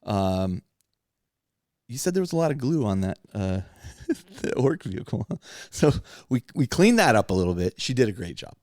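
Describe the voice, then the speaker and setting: A man's voice: medium pitch, big pitch swings, normal speed, darkish tone, dry recording, clean studio sound. A man hosting a podcast, chatting casually and candidly about his hobby and life, rambling and laughing often. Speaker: podcast host.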